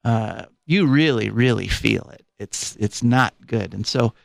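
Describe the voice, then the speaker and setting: A man's voice: mid-range voice, a little slow, creaky, no room sound. A man hosting a live call-in radio show, chatty and rambling with fillers, a little out of breath. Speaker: radio host. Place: radio studio. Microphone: studio microphone.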